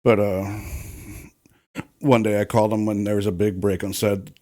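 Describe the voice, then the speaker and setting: A man's voice: lowish voice, flat delivery, moderate pace, dark tone. A man who once worked on film crews, chatting casually and telling long, profane stories. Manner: swearing, rambling storyteller. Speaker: former film crew worker. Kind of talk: casual podcast chat.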